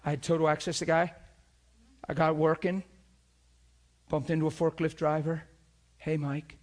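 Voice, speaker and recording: Animated preaching man, story-driven. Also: normal speed. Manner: animated storyteller acting out dialogue, pitch jumping up when excited. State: crying while retelling. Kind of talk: sermon storytelling.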